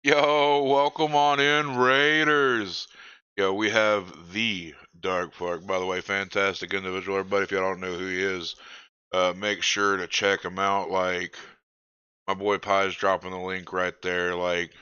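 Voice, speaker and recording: A man hosting a casual podcast stream, laughing often and greeting his audience. His voice sits low but sounds bright and crisp, delivered at an unhurried pace. The mic is dry and slightly dull. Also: flat delivery, no room sound. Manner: laughs a lot, hypes chat. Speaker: podcast host. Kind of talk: casual chat.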